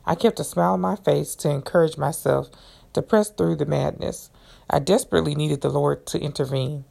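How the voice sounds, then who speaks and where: A woman podcast host reading a devotional book aloud in an earnest, measured way, then adding her own comments. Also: low voice, vocal fry, warm tone, breathy edge.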